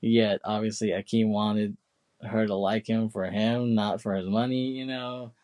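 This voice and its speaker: Low-voiced man casually retelling a film. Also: fairly even intonation, measured pace, darkish tone. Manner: rambling retelling, many fillers and put-on quotes. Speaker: podcast co-host. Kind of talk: casual chat.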